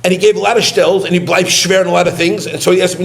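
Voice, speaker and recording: Man, high-pitched, eulogy storyteller; halting delivery, Yiddish and Hebrew terms scattered throughout. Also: fairly even intonation, creaky, a bit bright. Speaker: eulogist, former student. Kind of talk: eulogy told as personal anecdotes.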